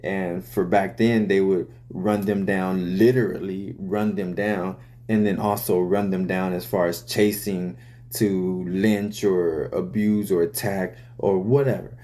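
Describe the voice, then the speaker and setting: A man's voice: low voice, level tone, measured pace, warm tone. A man, a rapper, casually explaining the story behind his song's lyrics in loose, profane talk full of fillers.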